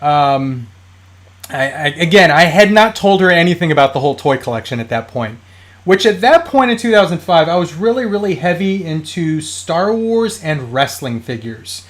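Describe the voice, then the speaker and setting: A man's voice: a little high, very animated, moderate pace, fairly bright tone. A man in his thirties hosting a toy collecting live stream, telling stories in a rambling, casual way with many fillers and restarts.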